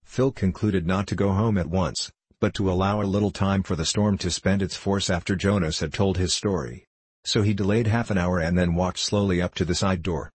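A man's voice: low-pitched, fairly even intonation, normal speed, breathy edge, dry recording. A man reading a novel aloud as an audiobook narrator, voicing the characters with little change.

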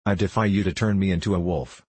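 A man's voice: low voice, fairly even intonation, fast, a little mellow, husky, no echo. A man voicing a teasing, provocative hostess. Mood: mocking. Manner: mocking, provocative.

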